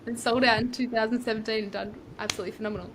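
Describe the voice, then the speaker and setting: A young Australian woman talking as a podcast guest, telling her story in a chatty, rambling way with lively asides. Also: a little high, rapid-fire, crowd noise. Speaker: property coach, podcast guest. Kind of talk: casual storytelling interview.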